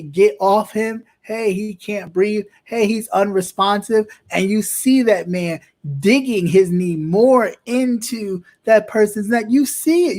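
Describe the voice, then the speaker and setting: Casting: male talk host, fairly high voice, passionate and emphatic. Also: a little mellow. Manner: impassioned, emphatic repetition. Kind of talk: political commentary talk.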